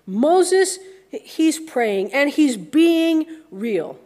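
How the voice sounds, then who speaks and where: American woman pastor, higher voice, chatty sermon that slips into quick character voices. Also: big pitch swings, darkish tone. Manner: conversational, acts out grumbling voices.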